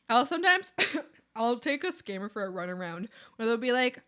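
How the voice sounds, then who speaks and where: A woman streamer talks casually to her chat as she works on a drawing. Her voice sits a little high and rings bright and sharp. She laughs easily and acts out the people in her stories. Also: sing-song, moderate pace, smooth. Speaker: art streamer.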